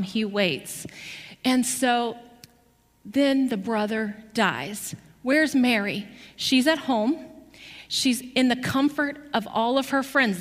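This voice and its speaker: A woman preaching a sermon, telling a story with lively rhetorical questions to her listeners. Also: fairly high pitch, long reverb tail.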